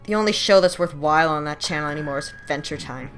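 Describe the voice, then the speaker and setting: A woman's voice: sits low, fast talker, music in the background. A woman giving sarcastic commentary over a cartoon episode into a home microphone, full of mocking asides.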